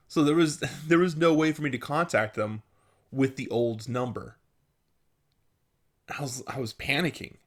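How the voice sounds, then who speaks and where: A young man, a channel host, casually telling a personal story with frequent laughter and stumbling restarts. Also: mid-range voice. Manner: laughs often, halting restarts, animated quoted dialogue.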